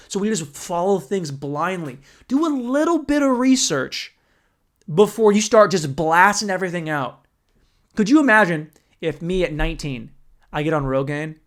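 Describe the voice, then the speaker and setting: A young man hosting a podcast alone, delivering a profane, animated comedic rant and acting out other people's voices. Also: sits high. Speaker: podcast host.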